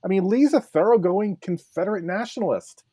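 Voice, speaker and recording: A man's voice: high-pitched, a little fast, dark tone, breathy edge, no echo, clean studio sound. A male historian talking in a casual podcast discussion, thoughtful and hesitant with frequent fillers. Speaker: historian guest.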